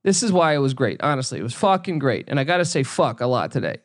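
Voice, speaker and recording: A man hosting a solo sports podcast from home, ranting with heavy cursing, excitable bursts and a habit of repeating his own phrases. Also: medium pitch, fast, no echo, clean studio sound. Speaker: podcast host.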